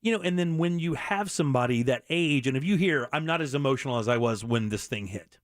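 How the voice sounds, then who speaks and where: A man's voice: mid-range voice, animated, fast talker, no room sound, studio quality. A middle-aged man hosting a radio show, talking earnestly and bluntly with many restarts. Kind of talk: candid talk radio monologue.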